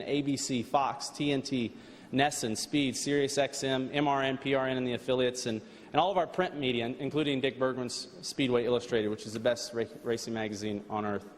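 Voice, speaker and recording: A man's voice: mid-range voice, fairly even intonation. Race driver guy thanking everyone at a banquet, earnest, stumbles a lot, big echoey hall. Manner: earnest, halting, with frequent restarts and fillers. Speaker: race car driver giving an awards speech. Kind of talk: heartfelt thank-you speech. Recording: long hall reverb, faint background noise.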